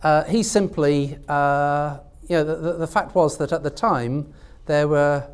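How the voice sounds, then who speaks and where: A man's voice: fairly high pitch, a little slow, clear, resonant tone. A man speaking as a literary scholar on a university panel, talking in a hesitant way with many fillers and restarts. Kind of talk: academic panel discussion. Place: lecture room at a university event.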